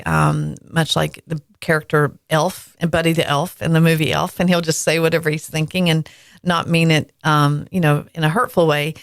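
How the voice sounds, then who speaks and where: A woman's voice: low voice, no room sound, studio quality. A woman in her forties hosting a podcast, chatting candidly and telling personal stories with frequent fillers. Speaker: podcast host. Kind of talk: casual conversation.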